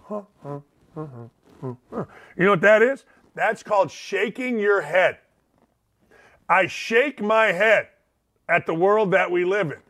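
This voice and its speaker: High-voiced joking middle-aged talk host. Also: male voice. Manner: animated, joking, acts out quoted voices. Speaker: radio talk show host. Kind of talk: casual radio monologue.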